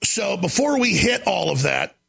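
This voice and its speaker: A man hosting a talk show, delivering an emphatic, ranting monologue with a gravelly voice. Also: high voice, very animated, moderate pace. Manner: gravelly, shouting, emphatic rants.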